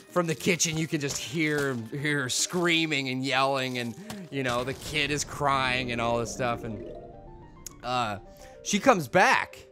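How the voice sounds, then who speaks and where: A man's voice: medium pitch, bright, forceful tone. A young man casually commenting on a video game he plays, rambling, telling jokes and mocking himself. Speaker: gaming YouTuber. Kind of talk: casual let's-play commentary.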